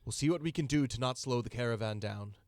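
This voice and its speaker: A man's voice: medium pitch, fast, a little mellow, no room sound, close to an everyday voice. A man voicing an impatient, snobbish male merchant who barks orders and scolds his helpers, in a tabletop game.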